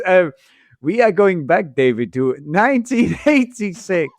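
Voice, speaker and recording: A man's voice: high-pitched, big pitch swings, measured pace, darkish tone, dry recording. A man hosting a movie podcast, joking and laughing as he chats casually. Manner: jokey, laughing, restarts often. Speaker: podcast host.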